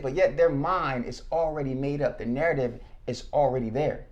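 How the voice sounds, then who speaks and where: A man, a former state trooper, telling his story as a podcast guest, animated and acting out what people said. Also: mid-range voice, brisk. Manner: animated, acts out quotes. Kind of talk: casual storytelling.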